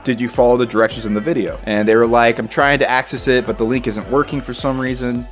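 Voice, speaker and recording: A man chatting about a game and reading out players' messages in a joking, playful way. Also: mid-range voice. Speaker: gaming YouTuber. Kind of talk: casual gameplay commentary.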